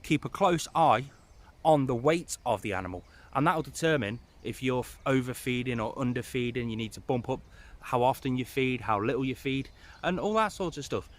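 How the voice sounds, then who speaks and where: Outdoors in the rain, a man gives casual advice on pet snakes to the camera, talking a little fast in a medium-pitched voice. He rambles, makes chatty asides and loses his place now and then.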